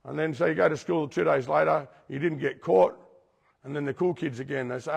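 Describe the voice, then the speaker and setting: A man preaching to a recovery group, with a deeply gravelly, husky voice that rings out with long hall reverb. He repeats himself for emphasis and keeps putting questions straight to his listeners. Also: brisk. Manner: repetitive, questions the audience directly. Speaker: speaker teaching a recovery group. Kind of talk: preaching-style talk to a group.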